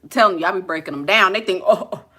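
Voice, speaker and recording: A woman's voice: on the low side, very fast, sharp tone. A woman with a New Orleans accent giving blunt, sassy relationship advice in a casual, colloquial way. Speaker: relationship coach.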